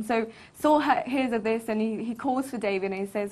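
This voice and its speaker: A woman co-hosting a relaxed chat about a Bible story, her voice sitting a little high for a woman. She breaks into small laughs often between phrases. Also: brisk. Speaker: co-host. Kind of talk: casual Bible discussion.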